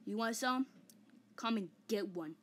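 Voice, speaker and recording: A woman's voice: a little high, unhurried. A woman voicing a vain, hot-tempered giant male ape in a comic fan dub, taunting and boasting with mock roars. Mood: vain, boastful.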